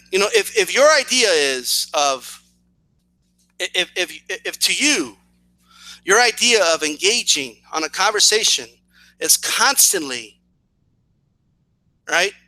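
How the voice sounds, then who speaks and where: With a high-pitched, sing-song delivery, a man who hosts a boxing commentary channel slowly challenges a rival, leaving long pauses. He repeats himself sarcastically, restarts phrases and keeps asking "right?". The voice is pushed and bright, and the recording is rough with no echo.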